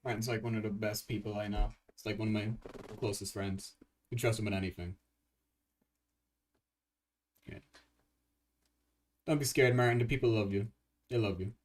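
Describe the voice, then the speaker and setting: A young man hosting a casual livestream as a game composer, rambling and excitable, swearing often and restarting his sentences. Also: fairly low pitch, fairly quick, long pauses, recorded from a distance.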